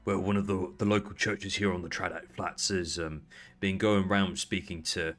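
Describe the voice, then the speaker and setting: A man voicing a traditional male Firbolg smith who speaks quietly, in a measured and politely firm way. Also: low-pitched, steady tone. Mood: stern calm.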